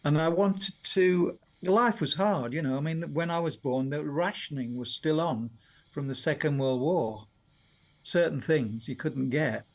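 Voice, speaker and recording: A man's voice: fairly high pitch, unhurried. A man, a songwriter chatting in a radio interview and telling rambling stories with frequent laughs. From Sheffield, Yorkshire, England. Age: 70s. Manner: chatty, rambling storyteller who laughs often. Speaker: songwriter guest.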